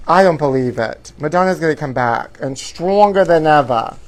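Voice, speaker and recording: A man's voice: fairly high pitch, expressive, normal speed, few pauses. A man hosting a live show from his apartment, chatty and theatrical, sprinkling "honey" through his campy gossip. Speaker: host.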